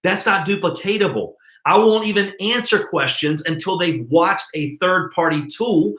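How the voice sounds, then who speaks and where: A man giving an emphatic, energetic network marketing training talk straight to his viewers. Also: high voice, normal speed, roomy sound.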